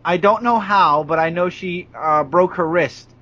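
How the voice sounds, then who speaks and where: A man's voice: sits high, a little slow, bright, forceful tone, highs cut off. A young man from Brooklyn co-hosting a wrestling podcast, rambling with strong opinions and playful jabs. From Brooklyn, New York. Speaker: podcast co-host. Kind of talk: casual wrestling chat.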